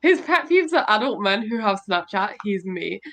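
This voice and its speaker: A woman's voice: mid-range voice, sing-song, normal speed, fairly bright tone. A woman co-hosting a podcast in casual chat, reading out contestant bios in a playful, jokey way and laughing often. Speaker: podcast co-host.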